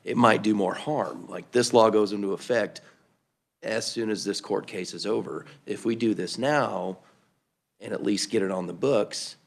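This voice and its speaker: A man's voice: fairly low pitch, normal speed, gravelly. A man on a legislative committee thinking aloud as he makes his point, with hesitant restarts. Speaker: committee member. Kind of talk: committee remarks.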